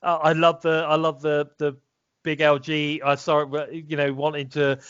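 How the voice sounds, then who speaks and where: A man's voice: on the high side, little pitch movement, normal speed, a bit bright, smooth, no echo. A British man co-hosting a casual wrestling review podcast, rambling with many fillers and restarts. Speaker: podcast co-host. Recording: dull, slightly lo-fi dry sound.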